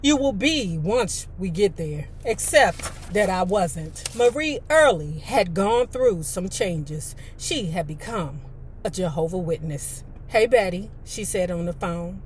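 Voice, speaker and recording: A woman's voice: fairly low pitch, lively intonation, slow, a little hiss or hum. A woman reading a memoir aloud, breaking in with chatty, blunt asides and mild cursing. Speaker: storyteller.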